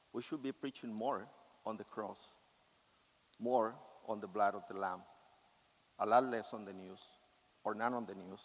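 A man's voice: fairly low pitch, gravelly. Impassioned male preacher in a reverberant hall. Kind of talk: sermon.

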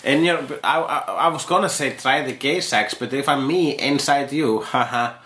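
Bright-voiced man joking. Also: medium pitch, normal speed. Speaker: podcast co-host. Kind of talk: casual comedic chat. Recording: echoey room.

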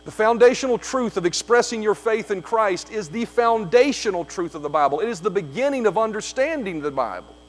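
High-voiced emphatic male preacher. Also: animated, fairly quick, few pauses, slight background noise. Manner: emphatic, repeats key phrases, frequent fillers. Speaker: pastor. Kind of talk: sermon.

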